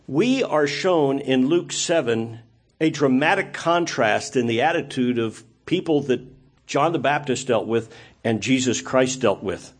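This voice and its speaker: Man, preacher, sermon, husky, rhetorical questions. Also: mid-range voice, expressive, a little slow. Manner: conversational, asks rhetorical questions.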